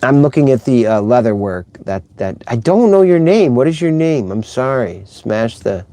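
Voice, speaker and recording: A man's voice: medium pitch, animated, moderate pace, mellow. A middle-aged man hosting a casual live stream, rambling and chatty as he reads out viewer comments.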